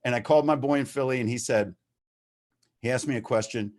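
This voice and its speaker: A man's voice: mid-range voice, brisk, darkish tone. A man telling his story at a recovery meeting over a video call, talking candidly, swearing freely and getting worked up as he goes. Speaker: recovering addict sharing at a meeting. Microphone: video-call microphone.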